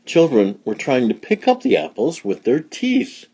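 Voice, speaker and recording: A man reading a children's story aloud in an expressive read-along style. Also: mid-range voice, a little slow, breathy edge. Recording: dull lo-fi recording.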